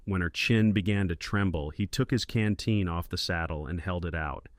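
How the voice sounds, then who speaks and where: Deep-voiced man narrating a western tale. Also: dry recording, studio quality. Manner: low, calm, measured. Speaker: storyteller. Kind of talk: scripted western story narration.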